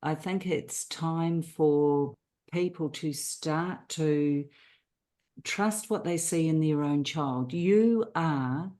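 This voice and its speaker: A woman speaking as a panelist, emphatic and deliberate with a joking edge. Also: sits low, warm tone. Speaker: panelist, author. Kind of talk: casual panel discussion.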